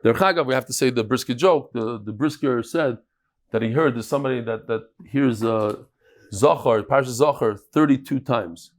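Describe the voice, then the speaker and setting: A man with a mid-range voice, moving at a moderate pace, gives a lively, casual daily Talmud lesson. Stories come with quoted voices, and his English is laced with Hebrew, Aramaic and Yiddish terms.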